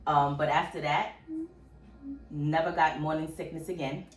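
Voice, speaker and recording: Middle-aged woman co-host, low voice, storyteller who quotes people, roomy far-off mic. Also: normal speed, soft background music. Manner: storytelling, animated quoting of others. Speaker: podcast co-host, mother telling her pregnancy story. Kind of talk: casual chat.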